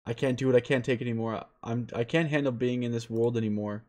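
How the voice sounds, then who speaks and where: A man reading aloud as a despairing young man, a former high school student trapped in a war, in a pleading, self-pitying way. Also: steady tone, fast talker, darkish tone, a little hiss or hum, lightly acted. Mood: broken. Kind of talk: reading a visual novel aloud.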